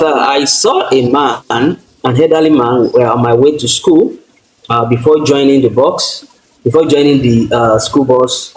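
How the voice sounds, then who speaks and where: A man's voice: mid-range voice, darkish tone. A man with a Nigerian accent sharing his personal story as a guest speaker, earnest and full of restarts. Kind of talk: personal testimony talk. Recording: echoey room, faint noise.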